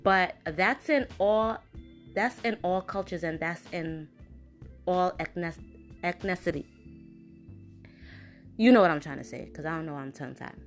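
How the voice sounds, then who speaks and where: A woman's voice: on the low side, normal speed, long pauses, faint music behind. A woman hosting her own show, giving a casual, frank opinion monologue with an indignant edge and lots of fillers and restarts. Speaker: podcast host.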